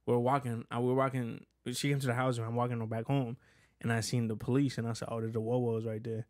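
A man talks at a quick clip in a casual podcast chat, his voice dry and close to the mic. He tells animated stories, swearing freely and acting out what people said. His pitch sits in the middle range. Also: no echo. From Caribbean Latino family, grew up in the US. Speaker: podcast co-host.

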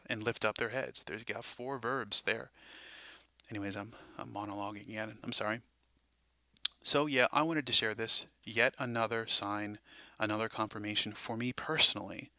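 A man talks through a loose, preachy monologue, eager and rambling, full of fillers. His voice is very bright and keen-edged. The sound is dry and close, as in a small room. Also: lowish voice, no room sound. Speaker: Christian prophecy video host. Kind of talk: casual monologue.

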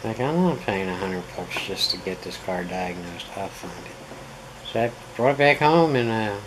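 Man, low register, rambling wry vlog chatter over steady air-conditioner hum. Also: moderate pace. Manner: rambling, wry, self-mocking. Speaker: pool instructor.

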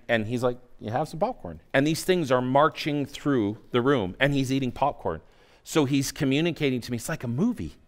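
Man in his forties preaching a story. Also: mid-range voice. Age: 40s. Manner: storytelling, acting out his own inner voice, swings from quiet to loud. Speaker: pastor. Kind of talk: sermon. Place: church.

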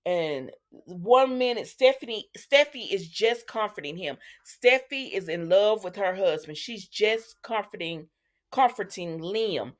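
A woman hosting a casual soap opera recap, chatting to her viewers in an animated, storytelling way. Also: medium pitch, unhurried. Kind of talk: casual commentary.

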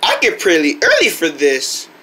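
A performer acting out a playful comedy skit in several voices, excitable and shouting often, with quick, rambling talk. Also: medium pitch, heavy background noise.

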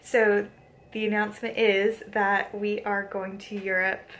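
A woman's voice: medium pitch, little pitch movement, moderate pace, a bit bright, slight background noise, rough recording. A young woman chatting casually in a video blog, talking with frequent fillers. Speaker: vlogger. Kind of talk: casual vlog chat.

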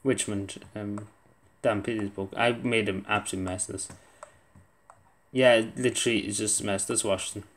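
A man's voice: fairly low pitch, steady tone, moderate pace, fairly bright tone. Muttering young man playing a quiz. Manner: muttering, self-deprecating, swearing under his breath. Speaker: gaming video creator. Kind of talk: casual gameplay commentary.

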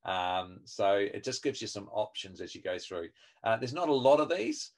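A man's voice: lowish voice, animated, normal speed. A man training a group over a video call, talking in a friendly, chatty way with many fillers and restarts. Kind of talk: online webinar teaching. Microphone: video call microphone.

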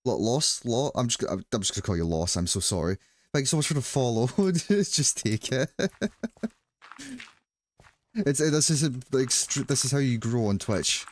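Gaming on stream, a Glaswegian Scottish man jokes and chats casually with viewers, rambling and restarting often. He speaks with animation in a medium-pitched voice at a moderate pace, with long pauses, and there's no room sound.

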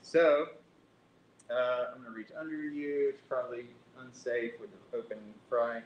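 A man's voice: fairly even intonation, moderate pace, dull audio. Casual man hosting a cooking demo. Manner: chatty, self-correcting, reads recipe aloud. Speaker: cooking show host. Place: library kitchen room. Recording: echoey kitchen with faint rumble.

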